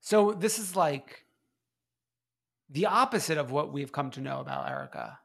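A man's voice: fairly high pitch, expressive, moderate pace, gravelly, husky. A man co-hosting a podcast in casual chat, laughing often as he tells stories with animation. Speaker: podcast co-host. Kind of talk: casual chat recapping a reality show.

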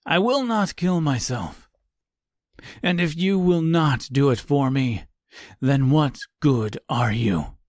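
A man voicing a broken, menacing old man in an audiobook, speaking quietly and slowly. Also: on the high side, expressive, no room sound, studio quality. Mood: grim resolve.

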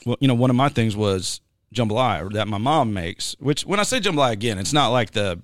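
A man's voice: medium pitch, expressive, a little fast, no echo, clean studio sound. Rambling, joking man on a podcast. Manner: rambling, joking, many fillers. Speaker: podcast host. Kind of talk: casual chat.

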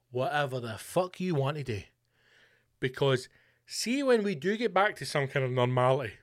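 A man's voice: medium pitch, a bit bright. A Scottish man hosting a podcast, delivering a foul-mouthed comic rant with mock-political bluster. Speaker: podcast host. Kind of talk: comedic monologue. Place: home room.

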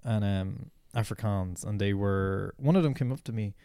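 A man's voice: fairly low pitch, normal speed, dark tone, clean tone, no room sound, clean studio sound. A man co-hosting a podcast, telling a rambling story in casual chat with plenty of fillers. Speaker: podcast co-host.

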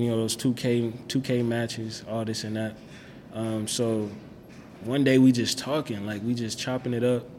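A man's voice: medium pitch, a little mellow, a little hiss or hum. Laid-back young man in a roomy space. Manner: slangy, laid-back, lots of "like" and "bro". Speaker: guest telling his faith story. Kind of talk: casual storytelling.

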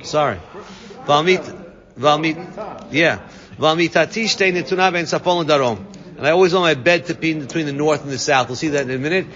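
A man's voice: on the high side, fairly quick, fairly bright tone. A man teaching a Talmud class to students, translating each Aramaic phrase into English. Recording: dull lo-fi recording, long reverb.

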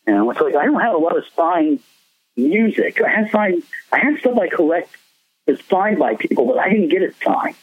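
A man's voice: high-pitched, big pitch swings, moderate pace, breathy edge, no room sound. A man, a musician guest, telling rambling stories in a casual interview, laughing often. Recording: tinny phone line, dry.

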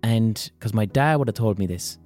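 A man's voice: lowish voice, normal speed, a little mellow, faint music behind. An Irish man hosting a solo podcast, telling a family story with wry humour and plenty of swearing. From Ireland. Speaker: podcast host.

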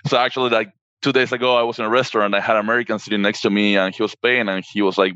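A man's voice: fairly low pitch, steady tone, rapid-fire, pushed and bright, clear, resonant tone, dry recording, muffled recording. A man from Argentina, a guest on a podcast, enthusiastically telling a story in casual conversation. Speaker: podcast guest, business partner.

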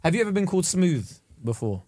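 A man's voice: high voice, sing-song, fast, a little mellow, no echo, studio quality. A man co-hosting a podcast, joking around and laughing often in casual chat. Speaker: podcast co-host.

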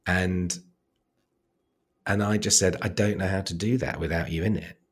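Low husky-voiced English man. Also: steady tone. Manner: soft-spoken, halting, with many restarts and fillers. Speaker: interview guest. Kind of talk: reflective conversational storytelling.

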